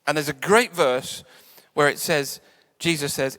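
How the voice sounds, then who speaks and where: A man preaching a sermon in a church, conversational and playful, sometimes dropping to soft quiet tones. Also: fairly high pitch, measured pace. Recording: church hall reverb.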